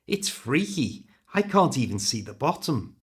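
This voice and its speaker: A man reading aloud plays a jovial British dad in a storybook, fond of a joke. The voice is his own, with pitch that rises and falls a lot. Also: sing-song, measured pace, slightly rough, exaggerated voice. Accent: British English. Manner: jovial, joking. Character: cheerful British dad, jokey.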